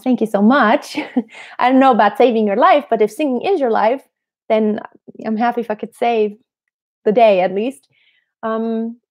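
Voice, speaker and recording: A woman vocal coach answering viewer questions in a relaxed, explanatory way, breaking into short sung examples. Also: mid-range voice. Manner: explanatory, demonstrates with sung snippets.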